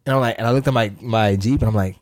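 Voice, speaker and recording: A man's voice: mid-range voice, racing, dry recording, clean studio sound. A young man co-hosting a podcast, telling a long story in a rambling, casual way, swearing and acting out the people he quotes. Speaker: podcast co-host.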